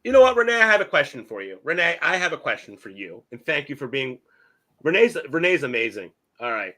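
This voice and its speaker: A man co-hosting a casual chat show with a bright, ringing voice that swings widely in pitch. He sounds excitable and playful, cutting in with jokes and questions. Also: a little fast. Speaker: co-host.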